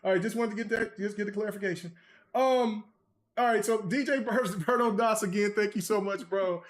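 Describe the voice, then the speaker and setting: High-voiced stammering man hosting a podcast. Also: fairly quick. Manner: stammering, laughing, teasing. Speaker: podcast host. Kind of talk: casual chat, reading super chats.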